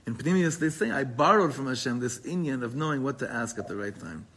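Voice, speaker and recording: A man's voice: mid-range voice, lively intonation, brisk, a bit bright, slight background noise. A man teaching a Torah class, reading Hebrew passages aloud and explaining them in casual, digressive English. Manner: digressive, talkative, with frequent restarts.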